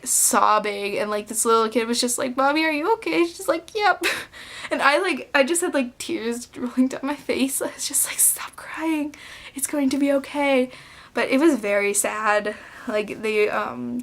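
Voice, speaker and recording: Rambling young woman vlogger, slightly high. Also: a bit bright. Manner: rambling, filler-heavy, self-interrupting. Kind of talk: casual film review vlog.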